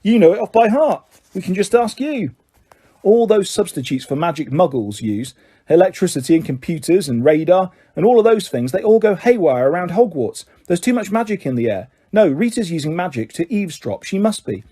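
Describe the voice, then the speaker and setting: A determined, bookish schoolgirl, done by a male reader in an audiobook, pitched up and brisk. She talks insistently, with a mellow tone. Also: big pitch swings, husky, full character voice. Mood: lecturing.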